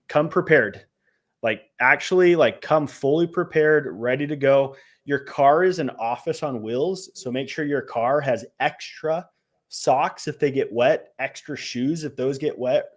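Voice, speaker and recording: A young man talking through tips on a casual live stream. He speaks in a loose, filler-heavy way and lets his voice drop at the ends of phrases. His voice sits at a middling pitch. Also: moderate pace. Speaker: co-host, real estate trainer.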